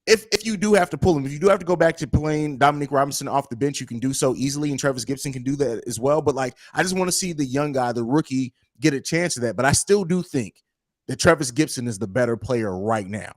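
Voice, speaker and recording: A man's voice: medium pitch, fast, no room sound, studio quality. A man co-hosting a sports podcast, making his case in casual debate and backing his points with stats. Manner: argumentative, builds points with stats, repeats phrases.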